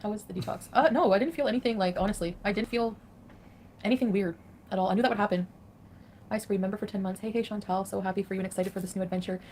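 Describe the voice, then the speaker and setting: A woman's voice: medium pitch, fast talker, a little mellow, slight background noise. A woman chatting casually on a livestream, reading and answering viewer comments with frequent laughs. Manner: chatty, laughs between greetings. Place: home in Kuwait.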